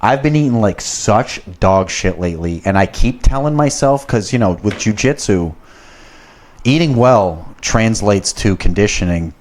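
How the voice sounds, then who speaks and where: Man, podcast host, lowish voice, rambling casual chat, swears freely. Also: animated, measured pace.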